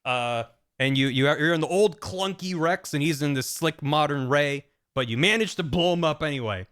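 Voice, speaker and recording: Young guy streaming, rambling through a game plot, kinda high voice, lots of ums. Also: moderate pace, fairly bright tone, clear, resonant tone. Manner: rambling, chatty, frequent fillers and restarts. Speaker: streamer host. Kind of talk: casual plot recap.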